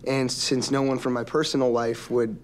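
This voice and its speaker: A man, an actor as an interview guest, telling stories in a relaxed way with frequent ums. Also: medium pitch, moderate pace, slight background noise. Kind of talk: interview anecdotes.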